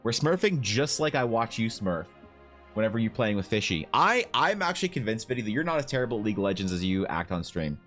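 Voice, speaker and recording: Low-voiced man teasing his stream chat. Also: big pitch swings, fast talker, a bit bright, soft background music. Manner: joking, teasing chat with swings in pitch. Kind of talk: casual live-stream chat.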